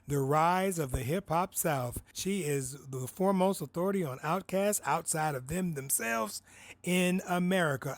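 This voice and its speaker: Brief: male host, slightly high voice, formal upbeat intro, dry close recording. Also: dry recording. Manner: enthusiastic, formal. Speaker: podcast host. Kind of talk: scripted introduction.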